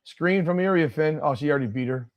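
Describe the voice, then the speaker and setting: A man with a fairly high voice calls the game play by play on his live watch-party stream. His delivery is blunt and full of swearing. He breaks easily into exasperated outbursts. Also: fast talker, lo-fi sound.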